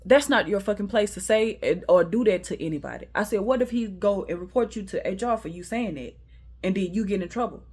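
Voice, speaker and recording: A woman's voice: mid-range voice, brisk, husky. A young woman tells a casual storytime. She swears freely and acts out the quotes. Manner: animated, laughing, profane, acting out quotes.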